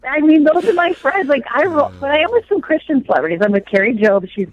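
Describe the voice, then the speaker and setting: Rambling comic mom on a muffled line. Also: female voice, sits high, lively intonation, crowd noise. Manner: fast, rambling, self-deprecating jokes. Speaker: comedian and regular correspondent. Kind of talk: comic storytelling on a call-in segment.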